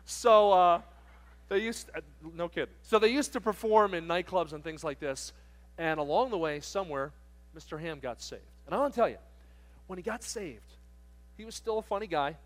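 A middle-aged man from southern New Jersey preaching to teens at a camp, joking but firm and conversational. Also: on the high side. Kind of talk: sermon to teens.

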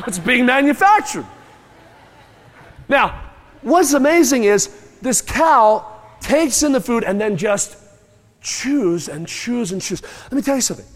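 A man preaching a sermon, animated and folksy, mooing and calling on the congregation to join in. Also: very high voice, unhurried. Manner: animated, moos and chews aloud, calls on the crowd. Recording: long hall reverb.

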